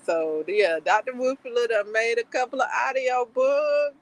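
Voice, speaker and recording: A woman's voice: fairly high pitch, moderate pace, rough recording. A woman hosting a livestream in casual chat, giggly and rambling with lots of fillers. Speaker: livestream host.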